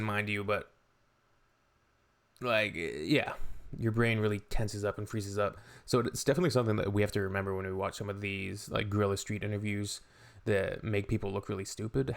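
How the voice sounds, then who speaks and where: Canadian man, low gravelly voice, opinionated reaction commentary, casual. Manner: chatty, opinionated, frequent fillers. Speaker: reaction video host.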